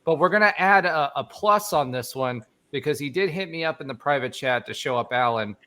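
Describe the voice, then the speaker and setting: A man's voice: fairly high pitch, animated, a little fast, bright, forceful tone. A man hosting a sports podcast, talking loosely with lots of fillers and asides. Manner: loose and rambling, full of fillers. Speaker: podcast host. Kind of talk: casual sports podcast chat.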